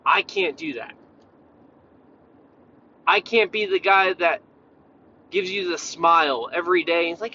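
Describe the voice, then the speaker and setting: Blunt, foul-mouthed coach ranting. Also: male voice, high-pitched, expressive, a little slow, long pauses, sharp tone, highs cut off, a little hiss or hum. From Tennessee, USA. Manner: blunt, swears a lot, jumps around. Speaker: fitness coach. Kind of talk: profane casual rant.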